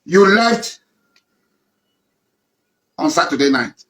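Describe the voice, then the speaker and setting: A man's voice: fairly high pitch, very animated, takes it slowly, fairly bright tone. A man with a Nigerian accent, making an impassioned public address, accusing and emphatic, repeating his points. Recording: echoey room.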